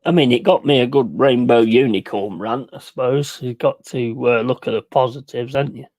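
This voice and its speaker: A man's voice: mid-range voice, normal speed, dry recording. Brief: male streamer, casual sweary football rants, dry close sound. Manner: sweary, ranting, swings between loud outbursts and mumbling asides. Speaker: streamer hosting a football watch-along. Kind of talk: casual live-stream chat.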